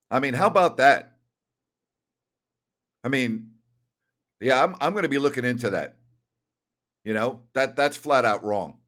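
A man's voice: mid-range voice, a bit bright. An older man hosting a sports talk show, ranting with rhetorical questions and answering listener questions in a casual, emphatic way. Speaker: sports radio host.

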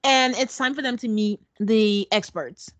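A woman's voice: a little high, unhurried, fairly bright tone, dry recording. A woman co-hosting a casual recap chat, blunt and sarcastic as she retells what happened. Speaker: podcast co-host.

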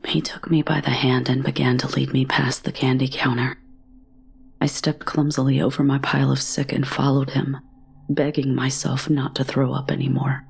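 A woman narrating a horror story in a measured, often whispery way. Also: a bass voice, gravelly, darkish tone, husky.

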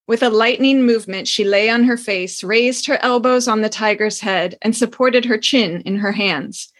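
Here a podcast host with a medium-pitched, fairly bright voice banters playfully, frequently breaking into laughter, and reads aloud from a novel.

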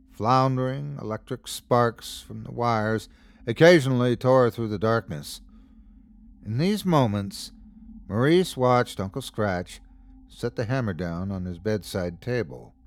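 A man narrates a horror story in a scripted, dramatic reading. His pitch moves up and down a lot, giving the telling a lively, expressive shape. The voice sits at an ordinary middle pitch for a man. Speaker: host and narrator.

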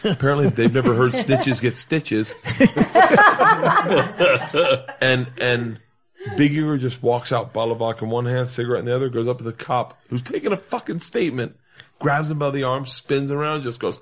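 A middle-aged comedian telling a rowdy, profane story in a casual podcast chat, laughing and acting out the other people's lines. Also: male voice, mid-range voice, moderate pace, a little hiss or hum. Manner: animated, swearing, laughing storyteller acting out quotes. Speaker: comedian guest.

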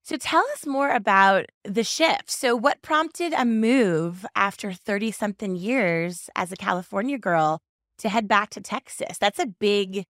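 A woman's voice: medium pitch, measured pace, a bit bright, no room sound, studio quality. A woman hosting a podcast, upbeat as she chats with her guest. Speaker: podcast host. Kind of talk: casual interview chat.

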